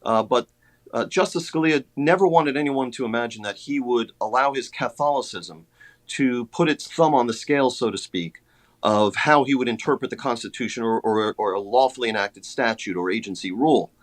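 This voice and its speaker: A male author on a radio interview, his voice at a middle pitch. He answers at length, measured and thoughtful, filling his pauses with hesitations. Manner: measured, hesitant, many fillers. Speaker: author guest.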